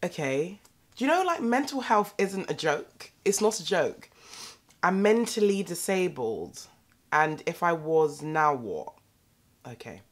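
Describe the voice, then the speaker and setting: A young British woman vlogging at home, talking straight to the camera in a sassy, animated rant. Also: on the low side, unhurried. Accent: British English. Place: indoors at home.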